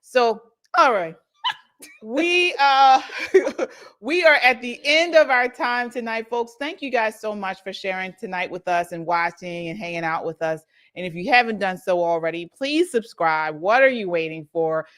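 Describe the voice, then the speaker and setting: A woman's voice: mid-range voice, expressive, normal speed, a bit bright. A woman co-hosting a political livestream, casual and playful, laughing often as she signs off. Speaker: co-host.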